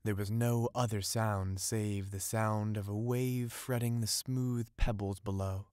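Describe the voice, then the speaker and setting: A man narrating an audiobook of a fairy tale in a measured storytelling manner. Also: fairly low pitch, fairly even intonation, a little mellow, clear, resonant tone, no echo, studio quality.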